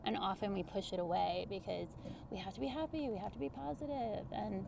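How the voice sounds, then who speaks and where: Woman, gravelly voice, animated and chatty, coaching guest on a podcast. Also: mid-range voice, brisk, background noise. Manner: animated, chatty, explains with everyday examples. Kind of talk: casual conversational interview.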